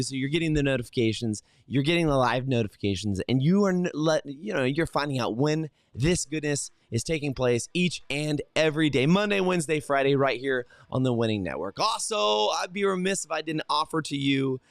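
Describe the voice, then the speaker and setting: Lively, animated man hosting a morning show. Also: a little high, a little fast, gravelly, few pauses, no echo. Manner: energetic, talks straight to viewers with many fillers and restarts. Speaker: host. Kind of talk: morning motivational livestream.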